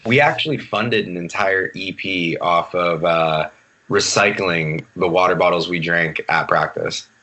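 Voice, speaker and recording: A man's voice: deep voice, unhurried, bright, forceful tone. A man in his late twenties, a podcast guest chatting casually over a video call, laid-back and rambling, swearing freely. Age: 20s. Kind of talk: casual chat.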